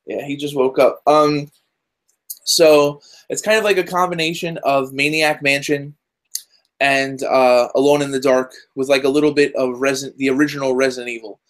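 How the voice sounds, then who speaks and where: A man talking as a guest in a casual interview over a video call, rambling excitedly and dropping lots of fillers. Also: mid-range voice, moderate pace. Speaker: guest, journalist and game voice actor.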